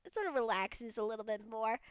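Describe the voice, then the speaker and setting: High-voiced woman narrating a tabletop game. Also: expressive, fast, clear, resonant tone, dry recording. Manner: rambling, full of restarts and "like". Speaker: game master. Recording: dull lo-fi sound, dry.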